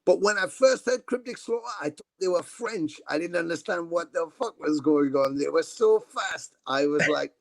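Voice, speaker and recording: A middle-aged man tells long, rambling stories in a casual interview, with a slightly high voice and a very dry sound. He fills gaps with "uh" and "you know" and swears casually, speaking over a video call. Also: normal speed, vocal fry, no echo. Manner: rambling anecdotes, frequent fillers and casual swearing. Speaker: guest musician.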